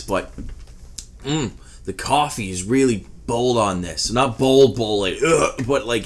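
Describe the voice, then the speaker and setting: A man giving a rambling, casual product review, swearing freely as he talks. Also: fairly low pitch. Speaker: e-liquid reviewer.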